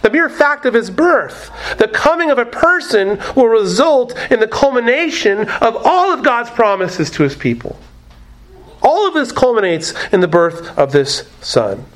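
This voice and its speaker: A man with a notably high voice delivers an expository sermon. He repeats his main phrases for emphasis and often checks in with rhetorical questions. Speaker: pastor.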